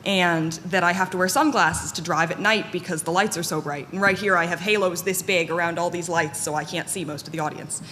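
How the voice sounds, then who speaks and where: Woman talking to a conference crowd, kinda low voice, lots of ums, echo from the big hall. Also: fairly even intonation, a little fast, few pauses, fairly bright tone. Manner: candid, self-deprecating, with frequent fillers and restarts. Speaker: conference panel speaker. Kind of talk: personal talk to an audience. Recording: long hall reverb, faint room noise.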